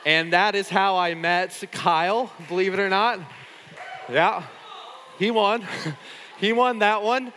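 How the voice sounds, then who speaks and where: A man gives a casual, self-deprecating sermon full of stories and fillers. His voice sits a little high and rings bright. It echoes with a long reverb, as in a big hall. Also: steady tone, slow, long pauses, slight background noise. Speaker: pastor. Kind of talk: casual sermon talk at a retreat.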